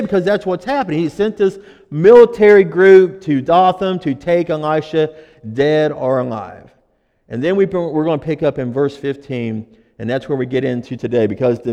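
A high-pitched man preaches a sermon from the pulpit, talking in an easy, conversational way and then pressing his points with force. His voice rings out with a long reverb, as if filling a church sanctuary. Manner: conversational preaching that builds to emphatic, loud stretches. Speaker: pastor.

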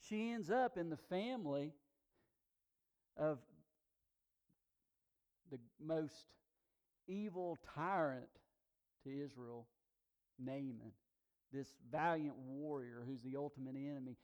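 Preacher, male, high voice, dynamic delivery that drops to near-whispers and rises to loud emphatic points. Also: slow, long pauses. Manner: swings from hushed to loud emphatic declarations. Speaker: pastor. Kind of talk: sermon.

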